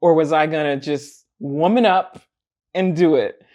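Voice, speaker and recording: A woman casually telling a personal story in a vlog, animated and laughing often as she acts out what people said. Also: low-pitched, measured pace, muffled recording. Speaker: vlogger.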